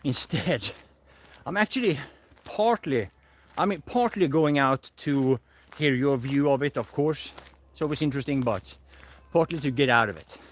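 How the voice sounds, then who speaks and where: Out in a forest, a male livestreamer chats casually with viewers, rambling and correcting himself while a little out of breath. His voice is medium pitch and animated, at a moderate pace.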